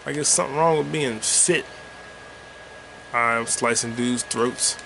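A man's voice: medium pitch, unhurried, gravelly, background noise. A man hosting a rambling solo podcast while gaming, talking loosely and profanely with sing-song asides. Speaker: podcast host.

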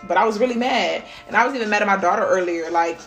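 A woman's voice: medium pitch, fast, a bit bright, soft background music. A woman hosting a podcast, giving a casual spiritual pep talk in a blunt, profane way. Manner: blunt and profane, swears freely. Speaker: podcast host.

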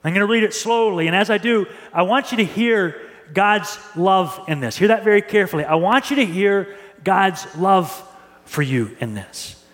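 A male pastor preaching a sermon in an earnest way, often repeating and restarting words and reading scripture slowly. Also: high voice, lively intonation, fairly bright tone. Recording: reverberant hall.

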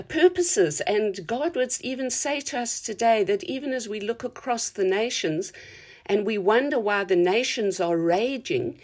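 A woman's voice: fairly high pitch, darkish tone, breathy edge. A woman preaching a sermon in an earnest, reflective teaching tone.

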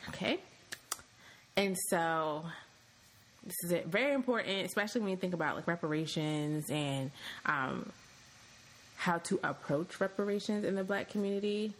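A woman's voice: fairly low pitch, moderate pace, pauses often, slight background noise, poor audio. A woman co-hosting a casual podcast, talking conversationally and thinking aloud with frequent ums. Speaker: podcast co-host.

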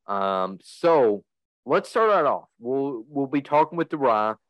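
A man's voice: medium pitch, expressive, takes it slowly, no room sound, muffled recording. A young man hosting a sports podcast in a casual, rambling way, full of fillers. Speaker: podcast host.

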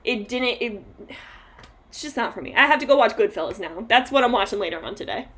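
A woman co-hosting a podcast with a slightly high voice. She chats casually and laughs often. She trails off and restarts her sentences as she talks. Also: lively intonation, fairly quick, fairly bright tone, breathy edge. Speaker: podcast co-host. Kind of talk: casual chat.

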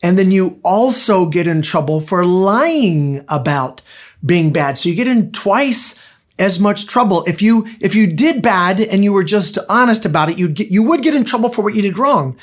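A man's voice: high-pitched, expressive, normal speed. Middle-aged male pastor, conversational storytelling sermon delivery. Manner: conversational, anecdotal, with restarts.

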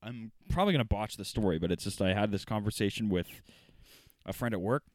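A man's voice: on the low side, fast, darkish tone, no echo. A young man in his twenties co-hosting a podcast, talking in a casual, profane, rambling way. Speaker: podcast co-host. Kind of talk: casual chat.

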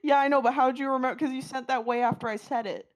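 A man's voice: very high-pitched, fairly even intonation, fast talker. A man co-hosting a podcast over an online group call, chatting casually, laughing often and swearing freely. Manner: giggly, bantering, swears freely. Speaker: podcast co-host. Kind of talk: casual chat.

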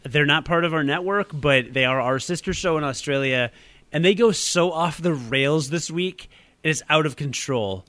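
A man's voice: a little high, moderate pace, bright, forceful tone, no echo. A young man hosting a podcast in casual chat, talkative and self-deprecating, laughing often. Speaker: podcast host.

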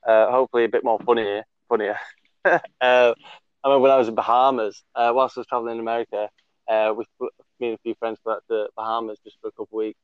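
A man's voice: medium pitch, flat delivery, fast talker, clean tone, no room sound. A man hosting a casual chat, rambling through a story with fillers, swearing and frequent laughs. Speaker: podcast host. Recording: dull lo-fi recording.

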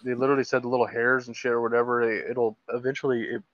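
A man's voice: mid-range voice, little pitch movement, a bit bright, no echo, lo-fi sound. Casual swearing man in loose chat. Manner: loose, swearing, halting restarts. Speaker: podcast co-host.

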